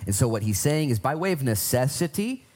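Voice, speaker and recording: A man's voice: mid-range voice, very animated, a little fast, a little mellow. A man preaching a conversational sermon, emphatic, swinging up and down for stress. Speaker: pastor.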